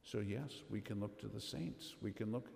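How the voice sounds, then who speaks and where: A man giving an earnest, measured homily at Mass as a Catholic priest, asking rhetorical questions. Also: on the low side, vocal fry, a little mellow, a little hiss or hum. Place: church. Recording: echoey church with long reverb.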